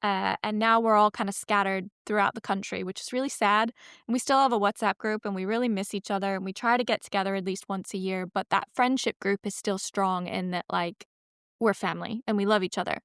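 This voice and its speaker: Chatty woman podcast host, smooth dry voice. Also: medium pitch, fairly even intonation, a little fast, a bit bright, dry recording. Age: 30s. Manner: chatty, rambling, self-correcting. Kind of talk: casual podcast intro.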